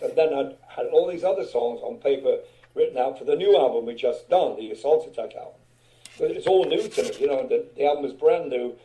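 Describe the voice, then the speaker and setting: Older man, very dark mellow voice. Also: medium pitch, rough recording. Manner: loose, swearing, chuckling anecdotes. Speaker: guest musician. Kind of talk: casual interview storytelling.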